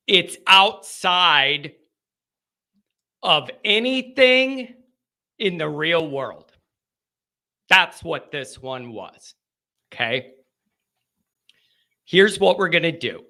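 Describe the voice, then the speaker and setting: A man's voice: high-pitched, expressive, extremely slow, long pauses. A man hosting a post-game football call-in show, ranting and repeating himself with worked-up intensity. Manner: worked-up, yelling, repetitive ranting.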